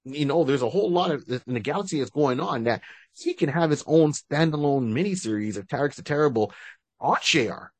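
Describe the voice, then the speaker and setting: A podcast co-host talks briskly and expressively in a fairly high voice, with no echo. The fan-casting chat is casual and lengthy, and he repeatedly restarts his sentences.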